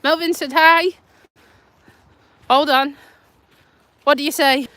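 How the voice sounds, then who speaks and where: On a phone live stream from a countryside walk, a woman vlogger from Lincolnshire speaks slowly in a high-pitched, steady voice with a sharp tone. She has a Lincolnshire accent and a stuffy nose. She chats casually, teasing herself, laughing frequently and using dialect.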